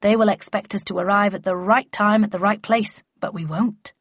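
A woman voicing a wry, calm and eccentric older father, with a husky voice and a measured, dry, unhurried delivery. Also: mid-range voice, no echo, highs cut off, natural voice.

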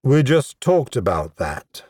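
A sly, scheming goblin chieftain, put on by a male reader speaks in a dry, wry and exasperated way. The storybook delivery is unhurried, with no room sound around it. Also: mid-range voice, big pitch swings, darkish tone, husky, no room sound, exaggerated voice. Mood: wheedling.

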